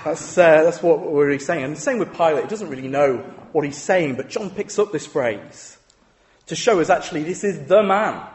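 Man, sermon, fairly high voice, animated pitch, conversational, rhetorical questions. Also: normal speed. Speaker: preacher.

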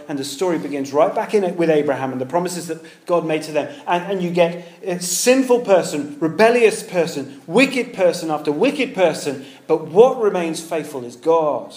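A man preaching a sermon in a lively, conversational way, dropping in everyday comparisons. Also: fairly high pitch, moderate pace. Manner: lively, conversational with pop-culture asides. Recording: echoey room.

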